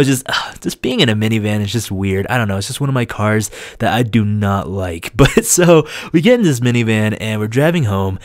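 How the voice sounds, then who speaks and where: A young man hosting a video channel, telling a story in a casual, animated way, laughing often and acting out quoted voices. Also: on the low side, no echo, clean studio sound. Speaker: gaming channel host.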